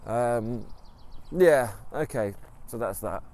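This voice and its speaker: A man's voice: medium pitch, slow pace, a little mellow. A man retelling a story in a casual, rambling way, with many ums and restarts. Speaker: podcast storyteller.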